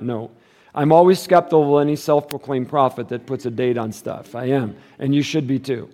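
A man preaching a sermon in a relaxed, everyday register, dropping slang as he talks. His voice sits a little higher than most men's. He moves between loud, emphatic stretches and quiet, low passages. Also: normal speed. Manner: casual and conversational, with slang like "dude" and "props". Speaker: pastor.

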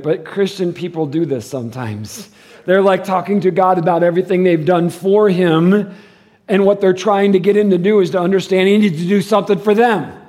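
Male pastor, high-pitched voice, animated sermon, loud then hushed, church service. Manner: animated preaching, swings between loud and hushed.

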